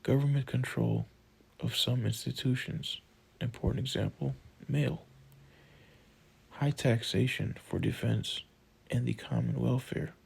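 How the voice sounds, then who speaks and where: Male textbook audiobook narrator, measured delivery, heavy vocal fry, husky tone. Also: medium pitch, fairly even intonation, darkish tone, poor audio. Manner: slow, measured reading of list items.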